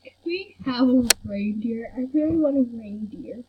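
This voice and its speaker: A young woman giving casual gameplay commentary, excitable and fawning over what she sees, in a soft, breathy voice. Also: on the high side, moderate pace, background noise. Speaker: gamer. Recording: dull lo-fi home recording.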